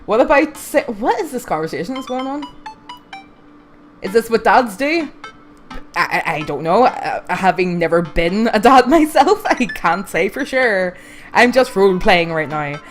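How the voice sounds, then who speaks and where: A woman's voice: mid-range voice, lively intonation, measured pace, faint music behind. A woman streaming a dating game, reading its text aloud and joking with frequent laughs and casual swearing.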